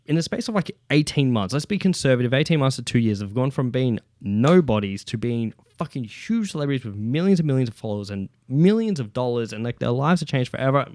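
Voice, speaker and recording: A man's voice: medium pitch, sing-song, quick pace, hardly any pauses, darkish tone, no room sound. A man hosting a casual solo podcast from home, rambling, swearing freely and using lots of fillers. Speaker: podcast host. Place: at home with his child nearby. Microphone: podcast microphone.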